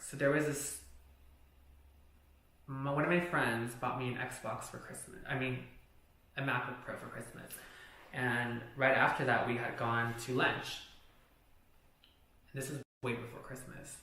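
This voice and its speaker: A man's voice: medium pitch, bright, forceful tone. A young man telling a personal story in a vlog, blunt and candid, with plenty of profanity. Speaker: vlogger. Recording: very echoey room.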